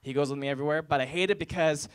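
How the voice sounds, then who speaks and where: A man's voice: a little high, very fast, clear, resonant tone. A man in his twenties performing a college stand-up set, telling stories and acting out family members and strangers. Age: 20s. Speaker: stand-up comedian. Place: college stage before a laughing audience.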